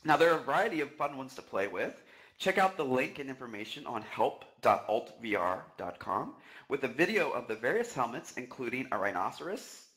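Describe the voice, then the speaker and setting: A man co-hosting a live news stream, reading announcements in a steady way with frequent fillers. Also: mid-range voice, a little fast, poor audio. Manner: steady delivery with many "uh" fillers.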